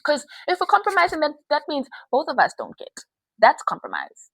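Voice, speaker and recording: A woman's voice: high voice, wildly swooping pitch, brisk, gravelly, dry recording, rough recording. A young woman hosting a podcast, giving candid advice in a casual chat and laughing often. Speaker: podcast host.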